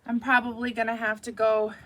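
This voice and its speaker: A woman's voice: fairly high pitch, monotone, a little fast, a bit bright. A woman hosting a quilting tutorial, wrapping up in a chatty, easygoing, self-deprecating way. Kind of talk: casual tutorial chat.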